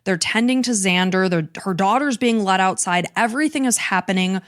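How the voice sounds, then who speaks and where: A woman's voice: mid-range voice, a little fast, dry recording, studio quality. A woman hosting a true crime podcast, earnestly recounting events step by step. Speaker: podcast host.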